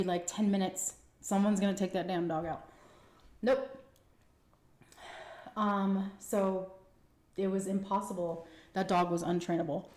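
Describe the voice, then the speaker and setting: A young woman chats through a personal story between bites, animated, slipping into little acted-out quotes. Her voice sits at an ordinary middle pitch. The sound carries a noticeable echo from the room around her. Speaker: mukbang storyteller. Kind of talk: casual storytime while eating. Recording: echoey room.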